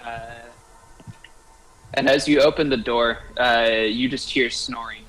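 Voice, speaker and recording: A man narrating a tabletop game as game master, slow and hesitant with many pauses and filler sounds. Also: mid-range voice, fairly even intonation, fairly bright tone, low-quality recording.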